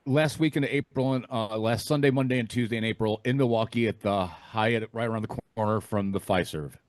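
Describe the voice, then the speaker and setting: A man in a casual DJ roundtable, telling stories in a relaxed, candid way. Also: fairly low pitch, brisk, no room sound. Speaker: DJ guest. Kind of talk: casual online roundtable chat.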